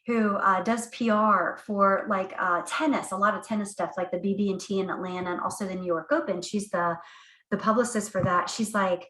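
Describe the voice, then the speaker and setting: A woman author telling stories in an interview, animated, with frequent laughs and fillers. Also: mid-range voice, brisk. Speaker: author guest. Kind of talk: casual storytelling interview. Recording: echoey room.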